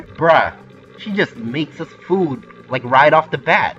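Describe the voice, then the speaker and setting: A man's voice: mid-range voice, wildly swooping pitch, moderate pace, pushed and bright. Man, reading a visual novel aloud, casual commentary, swears often, muffled recording, faint music behind. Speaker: game player.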